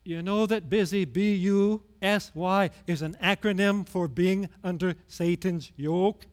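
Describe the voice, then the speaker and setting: Preaching conversationally, this middle-aged pastor swings from quiet, low passages to loud, emphatic ones. His pace is a little slow, with few pauses.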